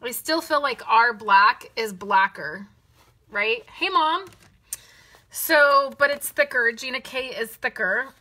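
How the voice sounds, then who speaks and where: A woman's voice: fairly high pitch, measured pace, sharp tone. A woman hosting a live card-making stream, chatting casually and greeting viewers by name. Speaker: card-making livestream host.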